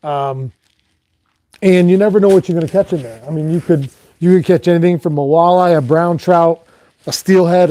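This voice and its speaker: A middle-aged man hosts a relaxed live chat and answers viewers as he goes. His voice sits a little high, with a mellow, warm tone. The sound is dry and close, and his talk wanders with many "um"s and restarts. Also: no room sound. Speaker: fishing guide and live-stream host. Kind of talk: casual live chat reading viewer comments.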